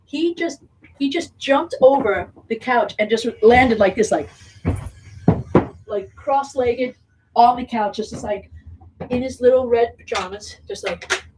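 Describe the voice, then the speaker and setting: Talking a bit slowly and leaving long pauses, a singer with a higher-leaning voice rambles casually through a story for a small indoor audience. It's laugh-filled and loaded with fillers and swearing, recorded from a distance with faint noise.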